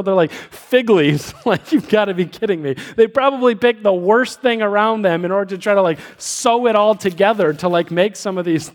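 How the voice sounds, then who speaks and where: A man preaching a sermon, telling a story with many restarts and slowing down for emphasis. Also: high-pitched. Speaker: pastor.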